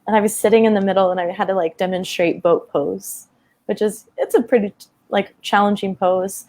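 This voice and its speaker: A woman's voice: medium pitch, steady tone, normal speed, mellow. A woman in her thirties telling a personal story in a conversation, open and emotional, with many fillers. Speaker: guest.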